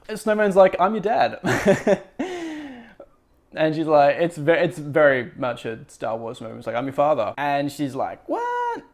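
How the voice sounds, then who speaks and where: A man's voice: a little high, darkish tone. Wry rambling man recapping a book. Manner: rambling, filler-heavy, wry asides. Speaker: podcast host.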